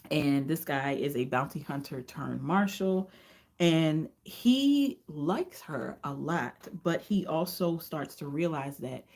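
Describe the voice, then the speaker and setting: A woman's voice: low-pitched, slow. Chatty woman recapping a book. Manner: animated retelling with acted-out quotes. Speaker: book reviewer. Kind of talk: casual book review vlog.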